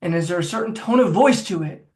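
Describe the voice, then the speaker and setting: A man coaching people through phobias speaks in a high, animated voice at a fast clip. He directs the listener step by step through a guided self-help exercise in a clear coaching manner.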